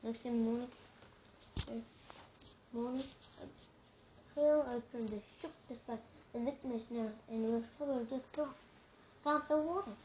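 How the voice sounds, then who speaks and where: High-pitched woman reading a kids' book aloud, lively, kinda muffled recording. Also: measured pace, pauses often, a little hiss or hum. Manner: lively, shouts the dialogue, drops soft for calm narration.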